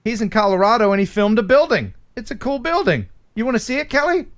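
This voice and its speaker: A man's voice: very high-pitched, big pitch swings, fast talker. A man, around his forties, hosting a casual live stream chat in a goofy, playful way and laughing often. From USA.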